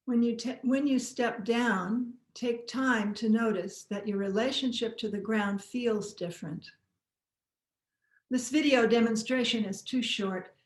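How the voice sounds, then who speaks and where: A woman teaching posture and balance, giving calm, encouraging step-by-step movement cues. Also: on the high side, measured pace, echoey room. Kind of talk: guided movement instruction.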